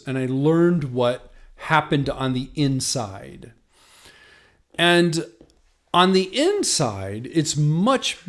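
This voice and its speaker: A man who works as a patent agent, telling a personal story in a casual monologue, acting out both sides of past conversations with many fillers and restarts. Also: mid-range voice. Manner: animated retelling, acts out both sides of dialogues; frequent restarts and "you know" fillers. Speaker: patent agent and podcast host.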